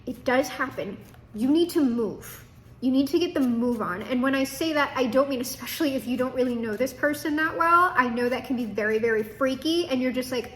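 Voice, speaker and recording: A young woman with a high, brisk voice gives her viewers a chatty, casual tarot reading, laughing and swearing along the way. There's a slight hiss or hum in the audio.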